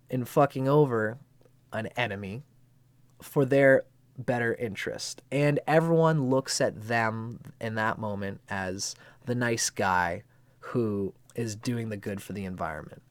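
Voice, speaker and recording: A man's voice: medium pitch, unhurried, dry recording. Rambling male astrology livestreamer. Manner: rambling, animated, swears casually. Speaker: astrology channel host. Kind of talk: casual livestream talk.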